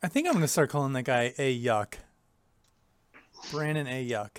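A man's voice: medium pitch, expressive, unhurried, clear, resonant tone, no room sound, clean studio sound. A man hosting a podcast in casual chat, laughing often and swearing casually. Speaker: podcast host.

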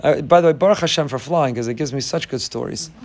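Animated rabbi teaching a class. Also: male voice, fast talker, a little hiss or hum. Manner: animated storyteller, rising high when acting out others. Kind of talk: Torah class lecture.

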